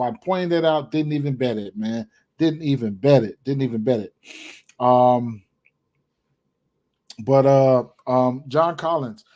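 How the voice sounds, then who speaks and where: A man with a mid-range, dark voice gives his sports betting picks, hiccuping and clearing his throat. His talk is casual and rambling, packed with fillers and repeated words.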